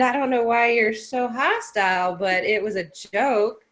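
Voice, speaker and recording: A woman's voice: fairly high pitch, expressive, a little slow, fairly bright tone. Chatty woman with a sarcastic streak. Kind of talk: casual discussion.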